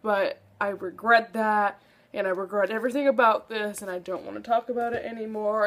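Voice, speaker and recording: A woman's voice: medium pitch, steady tone, a little fast. A young woman book vlogger chatting casually to camera, gushing and dramatic, with lots of "like".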